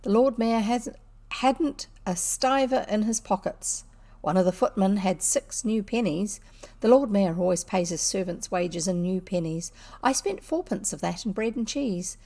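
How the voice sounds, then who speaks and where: A woman voicing a genial, shabby gentleman robber in a storybook reading, with a jaunty, theatrical manner. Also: mid-range voice, measured pace. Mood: wry. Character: shabby gallant man, genial reformed robber.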